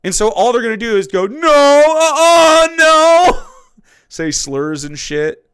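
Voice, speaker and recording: A man's voice: high voice, lively intonation, moderate pace, smooth, no echo, studio quality. A man streaming and ranting about politics in a heated, profane, mocking way.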